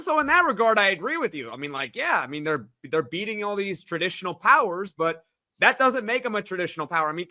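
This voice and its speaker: A man co-hosting a sports podcast, debating in an animated, questioning way. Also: high voice. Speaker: podcast co-host.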